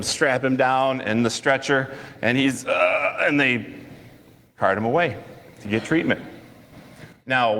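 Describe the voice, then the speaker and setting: A man pastor preaching a sermon, telling a personal story in a lively way with chuckles and asides. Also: mid-range voice. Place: church sanctuary. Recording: long church reverb.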